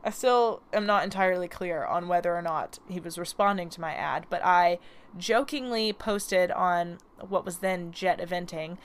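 A woman's voice: fairly low pitch, normal speed, clean tone. A young woman hosting a podcast with a slight lisp from a retainer, telling stories in a chatty, rambling way and laughing often. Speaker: podcast host. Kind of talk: casual storytelling.

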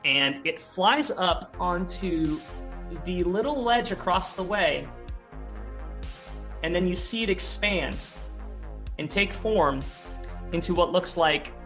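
Bright-voiced man running a tabletop game. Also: high voice, expressive, slow, long pauses, soft background music. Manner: rambling, many fillers and restarts. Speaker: game master.

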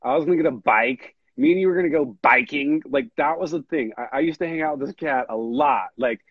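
Man, husky voice, rambling earnest podcast chat, dull dry lo-fi sound. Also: medium pitch, brisk, dry recording. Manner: rambling, earnest, says dude a lot. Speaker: podcast host. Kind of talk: casual chat.

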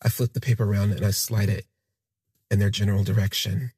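Raspy low-voiced man telling his story. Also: flat delivery, dark tone, no room sound, clean studio sound. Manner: halting, reflective, trails off and restarts. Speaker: podcast storyteller. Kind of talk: first-person storytelling monologue.

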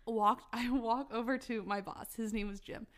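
A young woman on a podcast telling a story in casual chat, animated, swearing freely and laughing as she goes. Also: fairly high pitch, normal speed. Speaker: podcast co-host.

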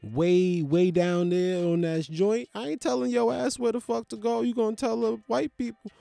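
A man's voice: high-pitched, steady tone, normal speed, creaky, dark tone, dry recording, voice pushed up. A man voicing a blunt, streetwise bird that cusses and refuses to share where it is escaping to from a ruined earth. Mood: defiant. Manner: defiant, cussing, secretive.

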